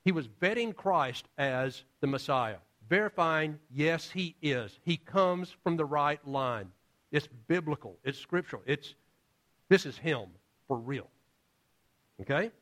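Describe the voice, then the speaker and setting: Animated, storytelling male pastor. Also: on the high side, a little slow. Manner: casual, storytelling with acted-out voices. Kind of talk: sermon.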